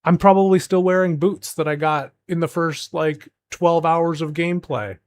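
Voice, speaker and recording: A young man with a slightly raised pitch talks as a gaming streamer. He rambles in exasperation, restarting sentences as he rants. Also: fairly even intonation, moderate pace. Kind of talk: casual ranting commentary.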